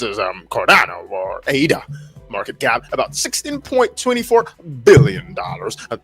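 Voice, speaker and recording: Animated man hosting a livestream. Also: medium pitch. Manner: reads haltingly with many fillers and restarts, breaking off to react and greet chat. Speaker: livestream host. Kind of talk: casual livestream, reading an article aloud.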